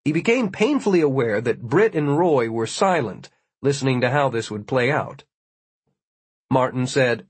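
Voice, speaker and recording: A man's voice: medium pitch, lively intonation, moderate pace, husky, no room sound. A man reading an audiobook aloud in a dry, wry storytelling manner. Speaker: audiobook narrator. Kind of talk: scripted narration.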